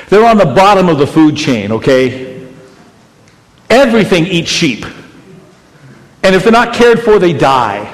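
A man preaching a sermon as pastor, conversational and teasing, swinging between loud emphatic bursts and hushed quiet lines. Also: high-pitched, in a large hall. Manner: conversational and teasing, with rhetorical questions.

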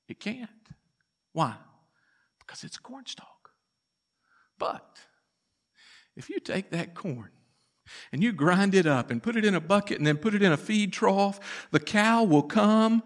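Male pastor, high bright voice, preaching in a folksy storytelling style. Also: animated. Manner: folksy storytelling with dramatic pauses. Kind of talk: sermon. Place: church.

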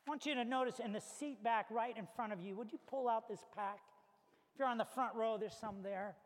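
A man preaching a sermon as a pastor, telling stories with animated acted-out little scenes. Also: very high voice, fairly quick. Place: church hall. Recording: reverberant hall.

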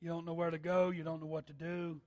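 A man preaching an altar call sermon, reading scripture and building to shouted, sing-song appeals. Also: on the high side, little pitch movement, quick pace. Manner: reads scripture in King James wording.

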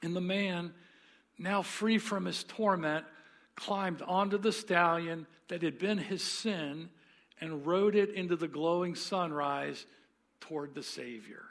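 A man, a pastor, preaching a sermon and telling a story earnestly with dramatic pauses. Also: high voice, fairly bright tone.

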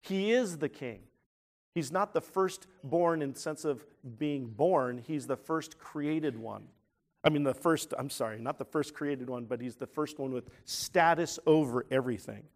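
A man preaching a sermon as pastor, emphatic, swelling loud on key words and often restarting his phrases. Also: a little high, unhurried.

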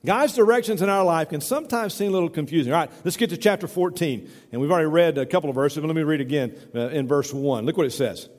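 A man's voice: on the high side, fast talker, hardly any pauses, a little mellow, long reverb tail. A middle-aged man preaching a folksy, conversational sermon, often saying "you know," in a church. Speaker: pastor.

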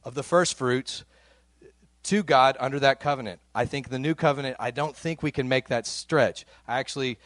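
A middle-aged man preaching a sermon in a casual, animated way, often repeating words as he goes. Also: mid-range voice, no room sound. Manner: conversational, animated, with frequent repeated words and laughs. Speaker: pastor.

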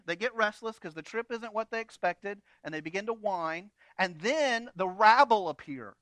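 High bright-voiced man preaching. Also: dry recording. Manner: conversational, animated, with humor and asides. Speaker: pastor. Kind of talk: sermon.

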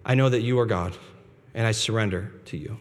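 A pastor preaching a sermon in a casual, conversational way, full of restarts and rhetorical questions. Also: male voice, fairly low pitch, brisk. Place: church sanctuary. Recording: long hall reverb with soft guitar behind. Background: soft guitar music.

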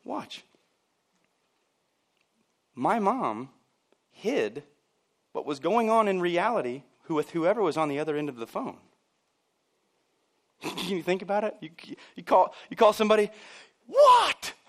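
Brief: male pastor in church, fairly high voice, casual humor, acts out quoted voices. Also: expressive, unhurried, long pauses. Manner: conversational and joking, acts out voices of people he quotes. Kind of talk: sermon.

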